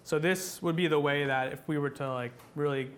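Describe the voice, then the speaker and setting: A man's voice: fairly high pitch, steady tone, brisk, slight background noise. A man teaching a class on church chant, talking patiently with many fillers and restarts, and singing short examples.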